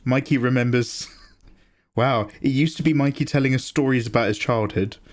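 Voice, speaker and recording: A man's voice: medium pitch, normal speed. A man chatting casually on a drawing livestream, joking and rambling through asides to his viewers. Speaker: art streamer.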